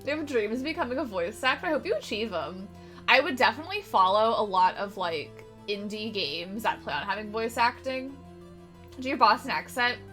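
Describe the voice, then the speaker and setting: A woman's voice: a little high, expressive, brisk, sharp tone, soft background music. A woman streamer chatting casually and playfully with her viewers, giggling as she goes. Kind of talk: casual gaming stream chat.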